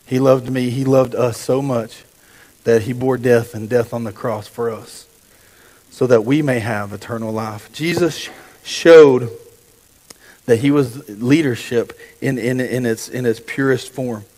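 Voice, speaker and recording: A man's voice: medium pitch, unhurried, darkish tone. A man preaching a sermon and reading scripture aloud, earnest, often restarting and correcting himself. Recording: echoey hall with long reverb.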